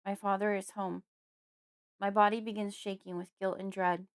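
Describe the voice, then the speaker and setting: A woman giving measured first-person narration of a horror audiobook. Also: medium pitch, little pitch movement, clean tone. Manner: measured, storytelling.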